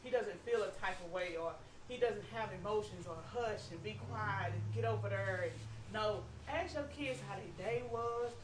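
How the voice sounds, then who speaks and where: A woman's voice: mid-range voice, normal speed, hardly any pauses. Emphatic stern mother in a roomy space. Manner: emphatic, repeats points, stern. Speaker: podcast guest, mother. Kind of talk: casual chat. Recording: roomy, distant mic, noisy.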